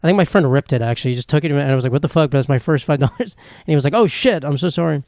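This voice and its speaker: A man's voice: on the high side, very fast, a little mellow, dry recording. A young man hosting a solo podcast, rambling and swearing in a self-mocking, casual way. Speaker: podcast host. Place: home room with knickknacks.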